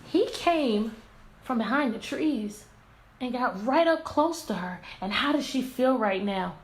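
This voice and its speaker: A woman teacher leads a lively picture-book read-aloud, asking her class question after question. Her voice sits high with a gravelly edge. The recording sounds echoey, with a faint hiss behind her. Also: unhurried. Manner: animated, asks the class many questions. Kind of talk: interactive read-aloud lesson. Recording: echoey room, faint background noise.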